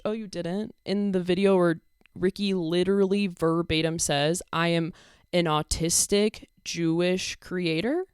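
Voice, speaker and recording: A woman's voice: lowish voice, steady tone, slow, darkish tone, clear, resonant tone, dry recording, studio quality. A young woman giving casual commentary, reading out messages in an exasperated, sarcastic way. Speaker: commentary creator.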